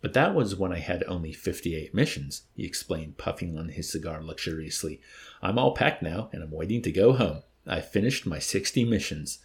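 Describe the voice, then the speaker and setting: Expressive low-voiced man reading aloud. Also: normal speed. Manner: expressive reading, acting out dialogue. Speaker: book club reader. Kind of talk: reading a novel aloud with discussion.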